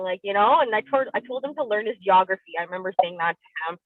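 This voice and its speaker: A woman's voice: medium pitch, fast, hardly any pauses, no echo. A woman from Trinidad telling a personal story on a video call, acting out the voices of the people in it. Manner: animated, acts out voices in her story. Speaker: community discussion participant. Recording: tinny call audio.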